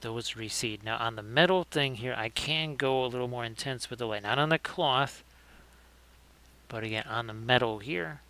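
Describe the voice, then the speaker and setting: A man's voice: mid-range voice, moderate pace, bright, forceful tone. A man hosting a livestream, chatting casually and joking as he talks through painting his miniatures. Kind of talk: casual live commentary.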